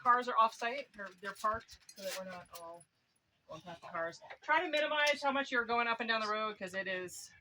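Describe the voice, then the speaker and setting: A woman event steward giving practical announcements outdoors, pausing often with "um". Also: a little high, animated, sharp tone, slight background noise, rough recording. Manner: chatty, full of "um" pauses, practical. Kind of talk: reading announcements.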